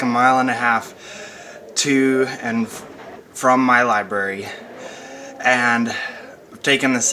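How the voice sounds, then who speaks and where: A man's voice: medium pitch, pushed and bright, a little hiss or hum. A young man speaking as a pastor in a chatty, casual devotional talk, with fillers and light laughs, recorded at home. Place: at home, wind outside.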